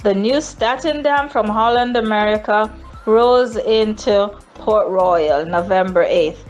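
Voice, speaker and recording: A Jamaican woman hosting a daily travel news segment, lamenting and sarcastic, with high mock-cheerful whoops. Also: slow, a little mellow, muffled recording, soft background music. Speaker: travel company news host.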